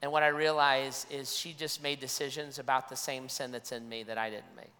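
A man's voice: mid-range voice, level tone, a little fast, pushed and bright, big-room sound. A man preaching a sermon as a pastor, earnest, often restarting and repeating his phrases.

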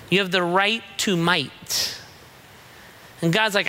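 A middle-aged male pastor preaching in a slow, deliberate rhythm. His tone is bright and forceful. He leans hard into emphasis and acts out quoted voices with playful energy. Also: high-pitched, fairly even intonation. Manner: emphatic, acts out God and people in quoted lines. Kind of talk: sermon.

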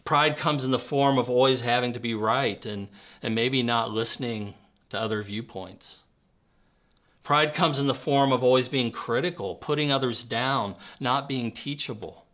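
A man's voice: medium pitch, moderate pace, fairly bright tone. A man preaching a sermon as pastor, earnest with touches of humor and vivid storytelling.

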